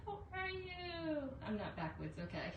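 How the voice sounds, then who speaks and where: A woman's voice: very high voice, very animated, unhurried. A woman hosting a casual live craft demo, chatty, greeting viewers by name with lots of fillers. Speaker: craft livestream host. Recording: echoey room, voice from a distance, faint noise.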